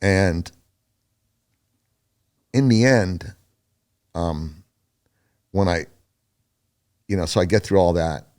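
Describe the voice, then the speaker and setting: A man's voice: low voice, takes it slowly, long pauses. An older man telling his story as a podcast guest, loose and chatty, with lots of fillers, restarts and acted-out voices of other people. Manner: animated, acts out other people's lines in a raised voice. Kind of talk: rambling storytelling in an interview.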